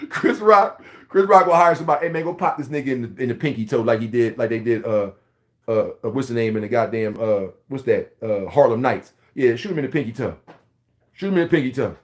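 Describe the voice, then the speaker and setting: A man's voice: mid-range voice, fast. Profane ranting man in his forties. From Philadelphia, USA. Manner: loud, profane, heated, rambling storyteller. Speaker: vlogger. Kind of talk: profane comedic rant to camera.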